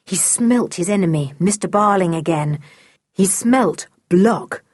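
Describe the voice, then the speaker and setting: A woman narrating a children's adventure audiobook in an expressive, unhurried manner. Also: on the low side, dry recording, clean studio sound. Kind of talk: storybook narration.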